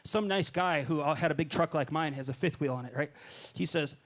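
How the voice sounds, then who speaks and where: A middle-aged man preaching, telling a long personal story in a lively way and acting out his own lines. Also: a little fast. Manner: animated, acts out his own lines with jumps in pitch. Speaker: pastor. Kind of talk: storytelling sermon.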